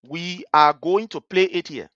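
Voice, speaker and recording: A woman's voice: lowish voice, unhurried, a bit bright, no room sound, muffled recording. A woman hosting a political talk show, speaking in an emphatic, repetitive, sermon-like way. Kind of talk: political commentary monologue.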